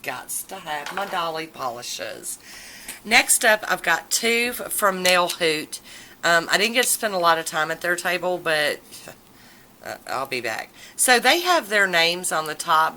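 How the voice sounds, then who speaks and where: A woman chatting casually and enthusiastically in a haul video, with drawn-out exclamations. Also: lowish voice, expressive, bright, forceful tone, low-quality recording. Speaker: nail polish vlogger.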